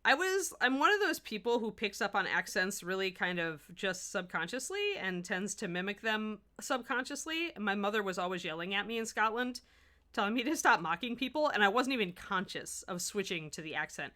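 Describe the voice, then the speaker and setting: A Midwestern woman paints miniatures live on stream, chatting with viewers and answering chat as part of a tutorial. Her mid-range voice has lively intonation and a bright, forceful tone, she speaks briskly, and she often restarts sentences.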